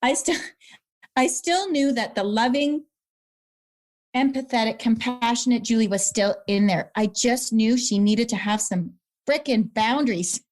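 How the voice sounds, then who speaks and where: Middle-aged woman guest, higher voice, earnest, heartfelt storytelling. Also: a little slow. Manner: earnest, animated, repeats words when moved. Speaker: guest, brain injury survivor. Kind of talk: emotional personal storytelling.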